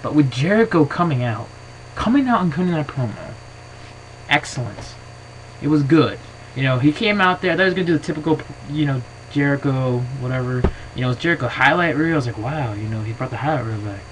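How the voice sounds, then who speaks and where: A wrestling vlogger talks off the cuff into his camera's built-in mic for a casual vlog, rambling excitably at a brisk pace. He leans on "you know" and restarts his sentences, his mid-pitched voice sitting over a faint ambient hum in a rough recording.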